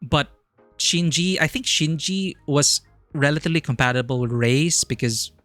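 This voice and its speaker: A man's voice: a little high, moderate pace, a bit bright, dry recording, soft background music. A man streaming a video game, chatting casually and enthusiastically, rambling with lots of "like". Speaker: streamer, filmmaker. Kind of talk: casual live game commentary.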